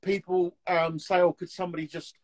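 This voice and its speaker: Chatty high-voiced man. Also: poor audio. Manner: chatty storyteller, animated, quick laughs. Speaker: TV antiques dealer, guest. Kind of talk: casual chat on a live video call. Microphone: phone on a live video call.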